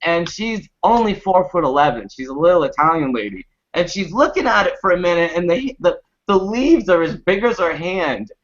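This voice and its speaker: A man with a bright, forceful voice spins a funny anecdote, laughing as he goes. His pitch sits a bit high for a man. The sound is muffled and lo-fi. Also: normal speed, few pauses. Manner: animated, laughing anecdote with acted quotes. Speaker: panel guest. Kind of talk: casual storytelling. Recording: muffled lo-fi recording.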